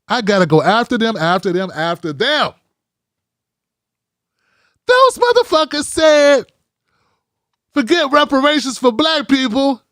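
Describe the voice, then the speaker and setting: A man's voice: high voice, no echo, studio quality. A middle-aged man hosting a live commentary show, ranting in a heated, profane, mocking way.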